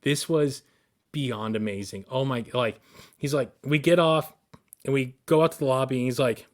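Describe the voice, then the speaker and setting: A man co-hosting a podcast, telling a long story with excited, rambling energy and frequent restarts. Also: mid-range voice, moderate pace. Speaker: podcast co-host.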